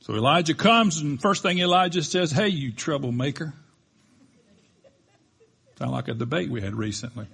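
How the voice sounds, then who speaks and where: A man preaching a sermon as a pastor, telling the story with animated delivery and acting out the quoted lines. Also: fairly high pitch, normal speed, creaky, pauses often, breathy edge.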